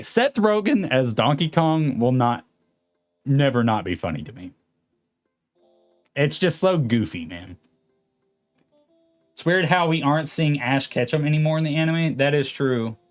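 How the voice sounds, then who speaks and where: Chatty man in his late twenties. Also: a little high. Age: late 20s. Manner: rambling, chatty, reads chat aloud. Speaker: streamer host. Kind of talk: casual livestream chat.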